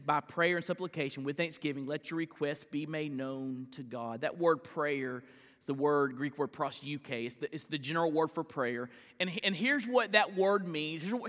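Bright high-voiced preacher in a reverberant church. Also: male voice. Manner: dynamic preaching, swinging from loud emphatic lines to hushed slow ones; repeats words at the start of phrases. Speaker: pastor. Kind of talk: sermon. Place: church sanctuary.

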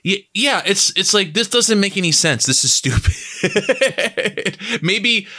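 Bright-voiced rambling male podcast host. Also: high voice, normal speed. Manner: rambling with many fillers, laughs and swears. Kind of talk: casual podcast chat about a film.

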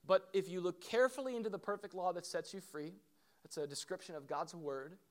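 A middle-aged man, a pastor, preaching a sermon in an animated way, with questions and asides to the congregation. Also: high-pitched, fairly quick.

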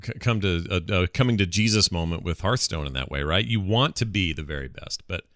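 A man co-hosting a podcast, talking in a relaxed, rambling way with many fillers. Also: low voice, fairly quick, no room sound, studio quality. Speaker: podcast co-host. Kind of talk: casual chat.

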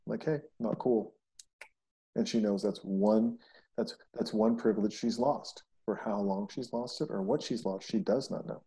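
A man, probably a podcast host, chatting casually and telling animated stories, often acting out the voices of people he quotes. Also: on the low side, normal speed, slightly rough. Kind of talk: casual conversation.

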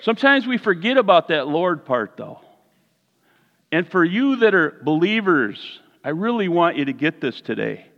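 A man preaching a lively, humorous sermon in a church sanctuary, his voice swooping up and down as he tells a story. The sound is dull and muffled, with long reverb from a large hall. He keeps turning to the congregation with questions. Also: a little high, normal speed. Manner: playful, animated, talks to the congregation.

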